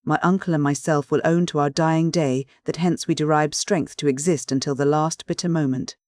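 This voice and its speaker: A man narrating a classic adventure novel in steady, clear first-person storytelling. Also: a little high, moderate pace, dry recording, clean studio sound. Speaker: audiobook narrator.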